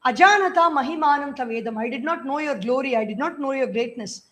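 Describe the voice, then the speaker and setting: Brief: Indian woman, high voice, spiritual teacher, chants verses then explains them plainly. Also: quick pace, a bit bright. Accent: Indian English. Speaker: spiritual teacher giving a scripture discourse. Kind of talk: scripture discourse with chanted verses.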